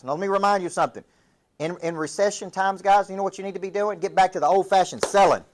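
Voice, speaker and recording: A man's voice: sits high, quick pace. A man with a Southern US accent from Tennessee, giving a motivational business coaching talk full of stories and rhetorical questions. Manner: punchy storytelling, rhetorical questions.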